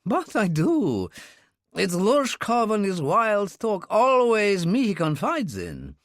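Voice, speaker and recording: A man's voice: sits high, huge pitch swings, slow, no echo, studio quality, pitched above the performer's own voice, full character voice. A man reading an audiobook, voicing an anxious, apologetic friend in a raised, pleading tone. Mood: agitated. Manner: pleading, agitated.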